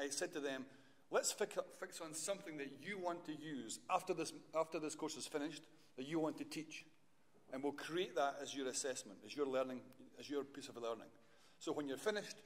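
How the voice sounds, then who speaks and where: A man's voice: mid-range voice, long reverb tail. A man, a university lecturer giving a chatty, rambling talk and often correcting himself. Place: lecture hall.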